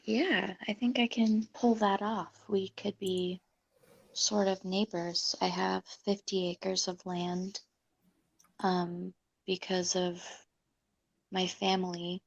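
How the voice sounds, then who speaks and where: Breathy, slow-talking woman player. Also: mid-range voice, level tone, dry recording, lo-fi sound. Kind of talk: role-play as a player character.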